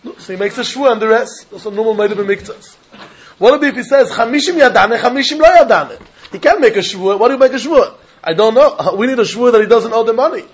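A man with a Yiddish-inflected English accent teaching a Talmud lesson in an animated, sing-song learning cadence. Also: very high voice, fairly quick, husky, dull audio. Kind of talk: Talmud lecture.

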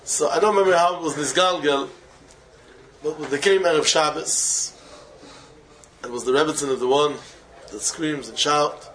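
A man teaching a Talmud passage and telling a story in an animated way, slipping Hebrew and terms into his English. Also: a little high, normal speed, pauses often, slight background noise. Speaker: Torah teacher. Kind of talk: Talmudic discourse with a told story.

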